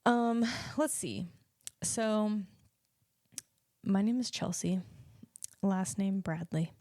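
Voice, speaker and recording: A woman's voice: mid-range voice, slow, mellow, dry recording, clean studio sound. A young adult woman hosting her own podcast alone, chatting casually and rambling with many ums and restarts. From United States. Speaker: podcast host and life coach. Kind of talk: casual solo podcast chat.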